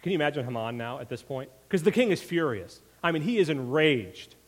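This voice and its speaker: A man's voice: fairly high pitch, big pitch swings, a little fast. A man preaching a sermon in a conversational way, often checking in with his listeners. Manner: conversational, frequent "right?" asides. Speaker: pastor. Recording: long reverb of a large hall.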